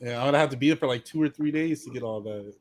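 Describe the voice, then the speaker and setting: A man's voice: medium pitch, rapid-fire, over a noisy crowd. A man co-hosting a podcast, chatting in an easygoing way. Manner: laughing, easygoing. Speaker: podcast co-host. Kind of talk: casual podcast chat.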